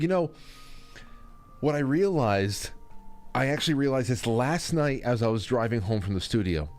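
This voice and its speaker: A man's voice: lowish voice, darkish tone. A man hosting a podcast, rambling in casual comedic chat and often breaking into laughter. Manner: rambling, laughing, self-interrupting. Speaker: podcast host.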